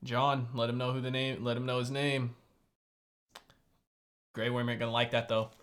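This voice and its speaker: A young man reacting to a TV episode with loud, profane, exasperated exclamations. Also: medium pitch, little pitch movement, moderate pace. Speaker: video reactor. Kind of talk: reaction commentary.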